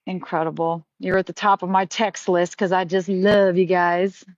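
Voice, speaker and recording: A middle-aged woman with a fairly low pitch and a flat delivery tells stories at a moderate pace on a casual live stream. She's chatty, heartfelt and leans on many fillers, while the stream audio is dry, slightly muffled and free of echo.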